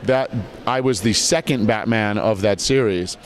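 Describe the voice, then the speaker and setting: A man being interviewed outdoors at a convention, telling lively stories about his voice work. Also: fairly low pitch, a little slow, slight background noise. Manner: lively storyteller, mimics voices in anecdotes. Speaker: voice actor guest. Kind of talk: casual interview chat.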